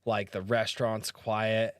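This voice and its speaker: A man, a podcast guest, telling excitable, profane stories in casual chat and saying "dude" a lot. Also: fairly low pitch, a little slow, no echo, clean studio sound.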